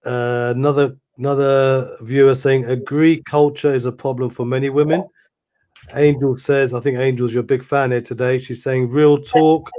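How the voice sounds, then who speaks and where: A man hosting a live-stream interview, reading out viewer comments in a soft-spoken, admiring way with hesitant fillers. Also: medium pitch. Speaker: interview host.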